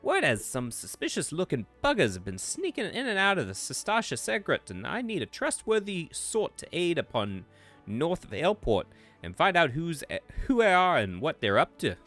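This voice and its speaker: A man voicing a gruff, brash tavern keeper in a swashbuckling British rogue accent, reading game dialogue. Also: fairly high pitch, huge pitch swings, normal speed, a bit bright, faint music behind, pitched above the performer's own voice. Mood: boisterous.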